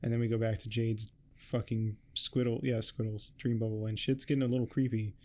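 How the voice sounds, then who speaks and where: A man giving a rambling, heavily swearing casual recap of a webcomic, tossing off quick quotes of the characters. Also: fairly low pitch, level tone, a little mellow. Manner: swears a lot, rambling and offhand. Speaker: host. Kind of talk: casual comic recap commentary.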